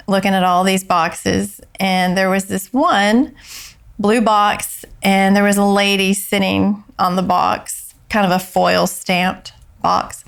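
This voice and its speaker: A woman, a grieving mother telling her story slowly and haltingly, often soft and near tears. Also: medium pitch, gravelly, smooth. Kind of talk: emotional storytelling interview.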